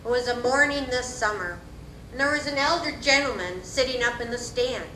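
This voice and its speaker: A woman giving an animated, folksy storytelling speech at a community event in a hall. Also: fairly high pitch, fairly quick, slight background noise. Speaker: community speaker. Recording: echoey hall.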